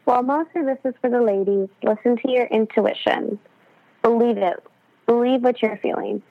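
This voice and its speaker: A woman's voice: a little high, moderate pace, creaky, narrow, tinny audio. A woman speaking as a podcast guest, chatty and casual, filling her talk with "like" and "um". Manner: chatty, full of "like" and "um", laughs often. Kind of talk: casual interview chat.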